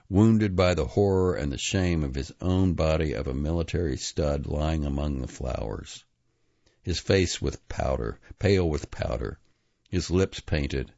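Man, very deep voice, grave measured literary reading, dry close sound, slightly muffled lo-fi audio. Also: darkish tone, no echo. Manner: measured, grave reading with small restarts on long words. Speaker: reader. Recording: dull, slightly lo-fi dry recording.

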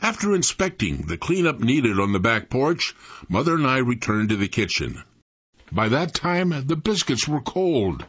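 A man in his eighties reading his own memoir aloud in an expressive storytelling manner. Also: medium pitch, normal speed, slightly rough. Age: 80s. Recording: dull lo-fi recording.

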